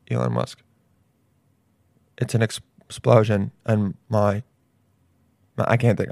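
A man in a casual comedic riff, excitable and full of slang and swearing. His voice sits in an ordinary middle register. The recording is dry and close, with no room sound. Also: medium pitch, no echo.

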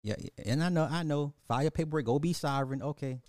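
A man rants into a podcast mic, mocking and scolding his audience with heavy profanity. His voice sits a little high for a man. The sound is dry and close, with no room around it. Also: fast talker, darkish tone, no echo. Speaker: podcast host. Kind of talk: ranting social commentary.

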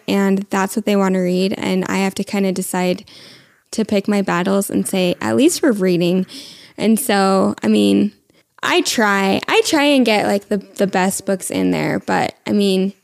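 A woman's voice: mid-range voice, moderate pace, vocal fry. A woman in her thirties hosting a podcast, chatty and curious, asking questions in casual conversation. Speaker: podcast host.

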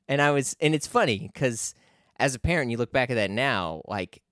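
A man's voice: medium pitch, normal speed, fairly bright tone, clean tone, dry recording, studio quality. A young man talking casually as a podcast guest, telling a rambling story full of fillers and restarts.

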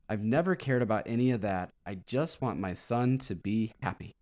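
A man's voice: lowish voice, expressive, normal speed, few pauses, darkish tone. A man co-hosting a casual podcast, enthusiastic and rambling, often reading quotes aloud. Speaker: podcast co-host.

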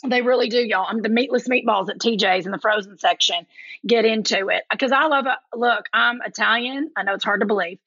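A woman's voice: a little high, fairly quick, fairly bright tone, husky, dry recording, lo-fi sound. A woman from Kentucky with a Southern accent, chatting animatedly as a podcast guest and calling people honey. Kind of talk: casual chat.

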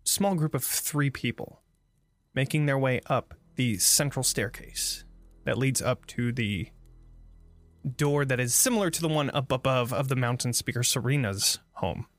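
A man narrating as the game master of a tabletop game, relaxed, with halting fillers. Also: mid-range voice, faint music behind.

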